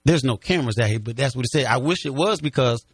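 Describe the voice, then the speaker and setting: A man's voice: medium pitch, expressive, fast talker, slightly rough, no echo. Man telling a story vividly, dry sound. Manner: vivid storyteller who acts out what others said. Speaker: interviewee. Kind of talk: personal account in an interview.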